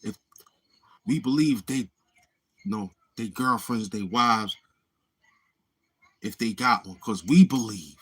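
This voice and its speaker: A man's voice: lowish voice, takes it slowly, long pauses, fairly bright tone, husky. A man hosting a casual livestream, rambling along and murmuring mm-hmm between his thoughts. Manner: rambling, with many murmured mm-hmms. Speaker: livestream host.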